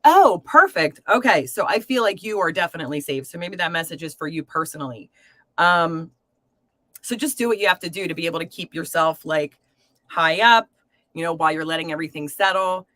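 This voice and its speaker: A woman's voice: deep voice, fairly quick, dry recording. A woman hosting a live tarot reading stream, talking casually to viewers with lots of fillers and pet names. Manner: chatty, warm to viewers, filler-heavy.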